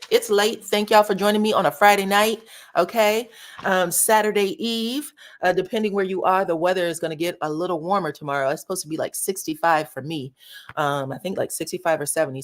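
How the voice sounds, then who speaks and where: A woman hosting a casual live stream, chatting with viewers and thanking subscribers as she reviews a new show. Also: low voice. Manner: chatty, addresses viewers as y'all and child. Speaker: livestream host of reality show commentary.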